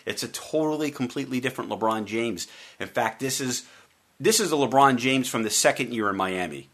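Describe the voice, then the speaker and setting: A man hosting a sports talk radio show, talking solo in a wry, joking, animated way. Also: mid-range voice, brisk. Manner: wry, joking and animated, with playful mock voices.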